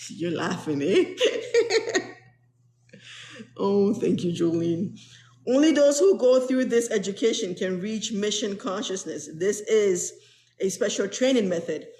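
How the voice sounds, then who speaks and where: A woman's voice: mid-range voice, lively intonation, unhurried, dark tone. A woman who is a spiritual teacher, reading aloud from a spiritual text to an online group and explaining each passage in plain, earnest words. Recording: roomy echo.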